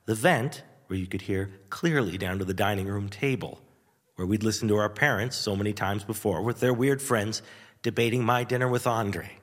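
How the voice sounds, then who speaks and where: A man hosting a radio show, telling a nostalgic story in a wry, animated way with chuckles and dramatic pauses. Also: fairly low pitch, in a large hall. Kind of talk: nostalgic first-person storytelling.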